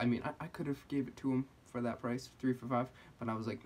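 A man's voice: mid-range voice, fairly even intonation, quick pace, a little mellow, breathy edge. A young man telling a casual story on his vlog, rambling with lots of fillers. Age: young adult. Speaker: vlogger.

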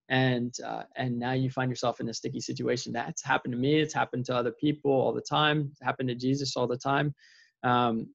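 A man's voice: medium pitch, creaky, no room sound, muffled recording. A man talking in a casual, earnest and rambling way about his faith, with many restarts and fillers. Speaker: vlogger sharing faith reflections. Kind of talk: casual spoken reflection.

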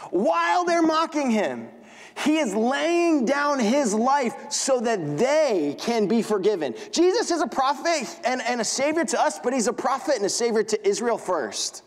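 A young man preaching a sermon as pastor, talking conversationally with frequent "right?" asides and dropping low and slow to stress a point. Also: big pitch swings. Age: young adult. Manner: pitch drops low and slow for emphasis. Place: church sanctuary. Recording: long hall reverb.

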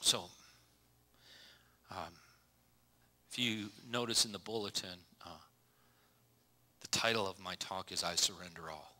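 A man's voice: low voice, a little slow, pauses often, pushed and bright. A man preaching a casual sermon, folksy and joking, reading Bible passages with small slips and restarts. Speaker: pastor.

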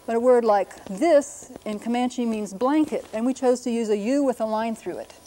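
Mellow-voiced woman linguist lecturing. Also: fairly high pitch, normal speed, slight background noise. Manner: patient, explanatory, lightly humorous. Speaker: linguist explaining writing systems. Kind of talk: classroom-style lecture.

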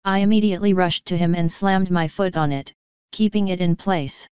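A woman's voice: on the low side, steady tone, normal speed, darkish tone, clear, resonant tone, no room sound. A woman steadily reading a first-person fan story aloud. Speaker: fanfiction reader. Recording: slightly muffled recording.

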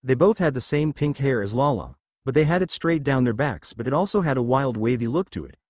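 Male storyteller reading fan fiction, animated, dry close sound. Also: medium pitch, fairly quick, no room sound. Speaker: narrator.

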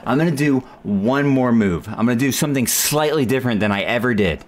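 A man's voice: mid-range voice, animated, brisk, a little hiss or hum, natural voice. A man voicing a smug, taunting female boss warrior in a mocking, sing-song way.

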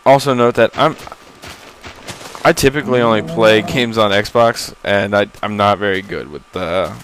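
Recorded on a laptop with low quality and a faint hiss or hum, this young man's fairly low, fairly bright voice moves at a moderate pace. He's a gamer doing a first-time playthrough, offering loose, self-deprecating commentary, easily spooked and cursing when surprised.

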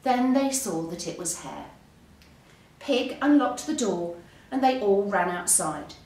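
Unhurried, expressive woman reading a story. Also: medium pitch. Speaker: English teacher. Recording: roomy, distant mic.

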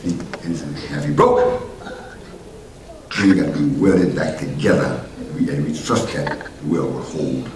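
Deep-voiced preaching pastor in echoey church. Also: male voice, measured pace. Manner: animated preaching, rising to loud exhortation then dropping low. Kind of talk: sermon. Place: church sanctuary. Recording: echoey church heard from a distance with noise.

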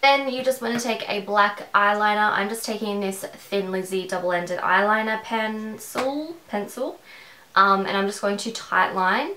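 A woman's voice: mid-range voice, unhurried, pushed and bright, reverberant, slight background noise, rough recording. A woman with an Australian accent talking through a makeup tutorial in a rambling, conversational way, at home. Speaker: beauty vlogger.

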